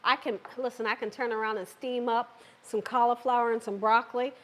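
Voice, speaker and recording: A woman's voice: fairly high pitch, flat delivery, brisk, a bit bright. A woman hosting a live cooking stream, chatting playfully with her viewers and the live chat and laughing as she cooks. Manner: playful, laughs and cheers herself on. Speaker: cooking show host.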